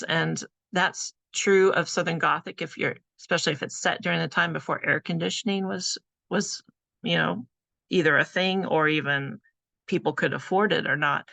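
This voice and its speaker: A woman with a very gravelly, fry-heavy voice that still sounds bright and forceful. She gives a relaxed, conversational presentation as an author, often pausing on little fillers. The recording is dry and close. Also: lowish voice, no echo. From California. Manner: chatty, conversational, with frequent fillers. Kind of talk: casual presentation talk.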